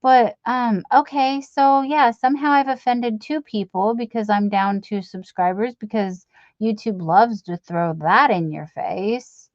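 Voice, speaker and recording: A woman's voice: a little high, unhurried, dry recording. A woman hosting a casual live stream, rambling as she reads viewers' chat aloud and teases herself. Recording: dull lo-fi stream audio.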